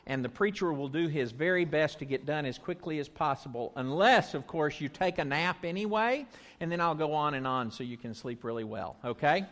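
A man giving a children's message in church, coaxing the kids to repeat short phrases slowly after him. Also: a little high, fairly bright tone. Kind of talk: children's message with call-and-response. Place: church sanctuary. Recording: long church reverb.

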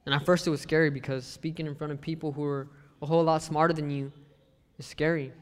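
Man, preacher, slightly high voice, lively storytelling, long hall echo, church sermon. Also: fast talker, clear, resonant tone. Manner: lively storyteller who acts out the people he quotes. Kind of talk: sermon with personal stories.

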